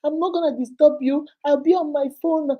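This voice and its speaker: A woman's voice: high voice, steady tone, a little fast, far from the mic, muffled recording, pitched above the performer's own voice, natural voice. A woman voicing a young boy who pleads with his older sister to let him stay. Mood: pleading.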